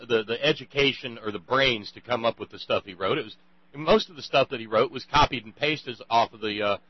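A man's voice: mid-range voice, dry recording, muffled recording. Rambling emphatic male talk host. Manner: rambling, restarts often, emphatic. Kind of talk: casual radio conversation.

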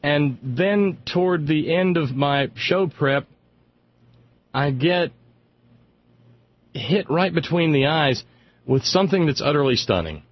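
A man with a husky, slightly breathy voice hosts a radio talk show. He rambles sardonically through political commentary, stammering on repeated words when he gets fired up. The sound is dry and a bit dull. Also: fairly high pitch, expressive, takes it slowly, pauses often, dry recording.

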